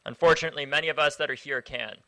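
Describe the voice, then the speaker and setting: A young man delivers a rally speech outdoors into a handheld mic. His voice sits high and rings with a sharp, forceful brightness. He is impassioned and builds from grave, quiet passages to shouted calls. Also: very fast, creaky, rough recording. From Florida. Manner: impassioned, rising to shouted chants with the crowd. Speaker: activist speaker at a rally.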